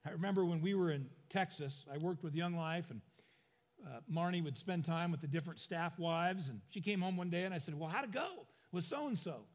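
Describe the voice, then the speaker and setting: A man's voice: on the high side, a little fast, big-room sound. A middle-aged man preaching a sermon, telling stories with humorous asides and acting out the quoted lines. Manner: acts out quoted lines in voices. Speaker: pastor.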